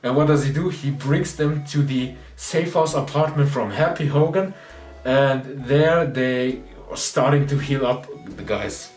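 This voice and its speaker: Excited male movie reviewer, echoey and distant. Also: measured pace. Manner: excited retelling, dropping into low voices to quote characters. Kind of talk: casual spoilery movie recap. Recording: roomy echo, distant mic, faint music behind.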